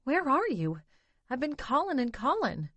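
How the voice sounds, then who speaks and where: A woman's voice: sits high, sing-song, moderate pace, a bit bright, no room sound, pitched above the performer's own voice, full character voice. A woman doing a sobbing teenage girl. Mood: sobbing, pleading. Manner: sobbing, pleading. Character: tearful teenage sister, barely eighteen.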